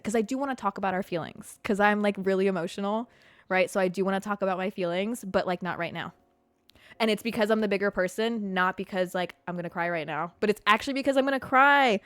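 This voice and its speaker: A young adult woman hosting a podcast alone, talking candidly about herself, swearing freely and laughing often, her voice jumping high when she reacts. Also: brisk, no room sound, faint music behind. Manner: animated, jumps to high pitch when reacting. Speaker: podcast host. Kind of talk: casual solo podcast chat.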